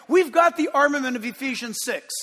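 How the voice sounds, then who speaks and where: High bright-voiced preaching man, reverberant. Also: a little fast. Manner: emphatic preaching, swinging between loud declarations and hushed asides. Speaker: pastor. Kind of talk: sermon. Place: church sanctuary.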